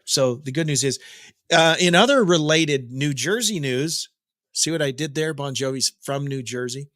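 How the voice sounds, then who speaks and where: A man's voice: on the high side, normal speed, fairly bright tone, no echo, clean studio sound. A middle-aged man hosting a daily rock news update, chatting casually with jokes and digressions. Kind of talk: casual rambling commentary.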